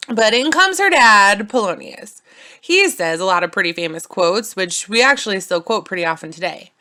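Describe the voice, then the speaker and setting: A woman's voice: medium pitch, animated, moderate pace, bright, forceful tone. A young woman narrating a playful, silly retelling of a classic story, with casual slangy asides.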